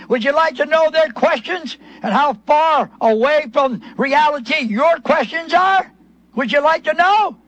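A man's voice: very high-pitched, fairly bright tone, dry recording, muffled recording. A man preaching a sermon, emphatic, repeating phrases and acting out the questions of Bible figures in their own voices.

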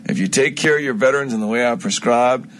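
A man of ordinary pitch preaching an informal Bible lesson, retelling scripture in a lively, emphatic way. He talks straight to his listeners and often restarts or adds asides. A faint hum of ambience sits behind him. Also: fast. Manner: animated storytelling, emphatic, frequent restarts and asides.

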